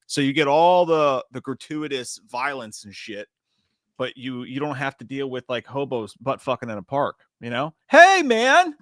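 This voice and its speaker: A man's voice: mid-range voice, no echo, clean studio sound. A man co-hosting a live movie podcast, chatting casually, swearing a lot and laughing often. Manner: profane, animated, laughs often. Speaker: podcast co-host.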